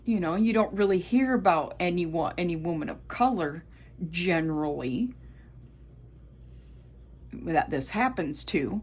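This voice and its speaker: Woman, Southern US accent, tarot reader, blunt and profane, unhurried delivery, lowish voice. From United States. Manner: blunt, swears freely, addresses viewers as Collective. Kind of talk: solo tarot reading to camera.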